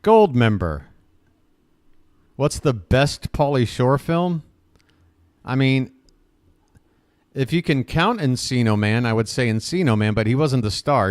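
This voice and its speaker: Male stream host, mid-pitched, casual and sarcastic, ranting freely over a dry, close mic. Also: dry recording. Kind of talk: casual livestream chat.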